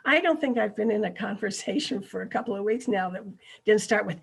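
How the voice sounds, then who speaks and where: A woman's voice: mid-range voice, fairly quick, vocal fry, husky. A middle-aged woman presenting a ministry workshop over a video call, speaking earnestly and checking in with her listeners.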